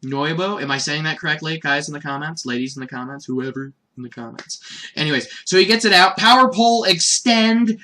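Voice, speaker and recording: A man's voice: fairly high pitch, fast, bright, forceful tone. A man casually recapping an anime episode in a rambling, chatty way, laughing often. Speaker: anime reviewer.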